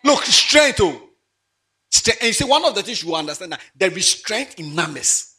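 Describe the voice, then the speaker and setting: A man preaching in church, playful and animated, laughing often and swinging from loud exclamations to quiet asides. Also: high-pitched, normal speed. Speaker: pastor. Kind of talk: lively sermon.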